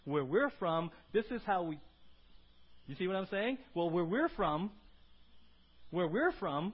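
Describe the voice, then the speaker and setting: A man preaching a sermon as pastor, animated and acting out quoted voices, then dropping to a soft prayer. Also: high voice, a little slow, long pauses, dull audio.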